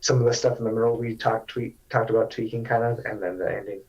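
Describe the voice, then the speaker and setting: Lower-voiced man musing on a podcast. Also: fairly even intonation, fast talker, a little mellow, lo-fi sound. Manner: thinks aloud, tentative and rambling. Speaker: podcast co-host. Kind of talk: casual chat.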